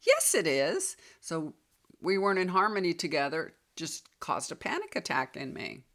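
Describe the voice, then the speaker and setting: A woman's voice: on the low side, lively intonation, normal speed, fairly bright tone. A woman, likely in her fifties, telling a personal story to viewers in a chatty, confiding way. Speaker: tarot reader and healer.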